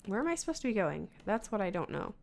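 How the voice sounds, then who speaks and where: A woman's voice: mid-range voice, big pitch swings, quick pace, creaky. A woman casually commenting as she plays a video game, muttering to herself and reading game text aloud. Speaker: let's-play gamer.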